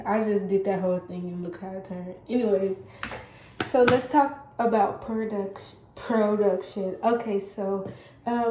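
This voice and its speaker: Woman vlogger, blocked-up nasal sound, warm low-key tone, loose chatty delivery full of restarts, roomy recording. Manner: rambling, many fillers and self-corrections; does her hair while talking. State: stuffy, congested. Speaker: vlogger giving work-from-home job advice. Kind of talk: casual chat to camera. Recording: echoey room.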